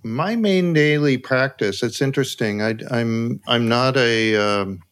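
A man, an author guest on a podcast, speaking casually and haltingly, restarting his sentences. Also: mid-range voice, fairly bright tone, smooth. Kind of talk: casual conversation.

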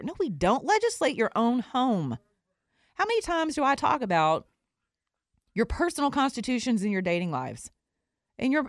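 A woman's voice: medium pitch, no room sound, clean studio sound. A woman hosting her own talk show, ranting bluntly with sarcastic asides. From living in Atlanta. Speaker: show host; recording artist. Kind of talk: opinion talk show monologue.

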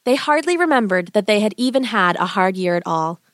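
Woman storyteller, lively lilting voice, higher pitch, dry close sound. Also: fairly quick, dry recording. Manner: expressive, gentle and animated. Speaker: narrator. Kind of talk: bedtime storytelling.

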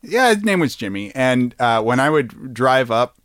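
Goofy man with a lively voice. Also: mid-range voice, normal speed, dry recording. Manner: goofy, bursts into loud joking shouts, laughs often. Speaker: podcast co-host. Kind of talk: playful comedy podcast chat.

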